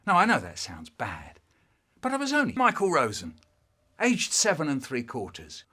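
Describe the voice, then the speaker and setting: Lively man telling a childhood tale. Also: medium pitch, moderate pace, slightly rough. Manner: animated, acting out voices. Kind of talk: comic storytelling.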